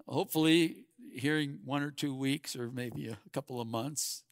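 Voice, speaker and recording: A man preaching a sermon, swinging from hushed, quiet passages to loud, emphatic peaks. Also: medium pitch, moderate pace, no echo, clean studio sound.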